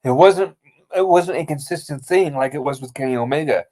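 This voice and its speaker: A man's voice: on the high side, brisk, a little mellow. A man co-hosting a casual wrestling recap podcast, blunt and opinionated, calling his partner bro. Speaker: podcast co-host.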